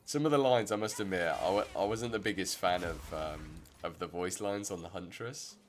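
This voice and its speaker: A man's voice: low voice, moderate pace, soft background music. A man giving rambling, chatty commentary while streaming a game. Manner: rambling, self-interrupting, chatty. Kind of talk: casual gameplay commentary.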